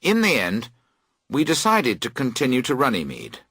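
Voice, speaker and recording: A man reading a classic story aloud for language learners, slow, clear and very expressive. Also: medium pitch, dry recording, studio quality. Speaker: audiobook reader. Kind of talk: scripted storybook narration for learners.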